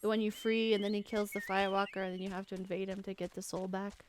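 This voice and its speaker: A woman's voice: medium pitch, completely flat delivery, fast, a little hiss or hum. A young woman streaming a game, chatting casually and rambling as she searches for names. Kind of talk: casual gaming commentary.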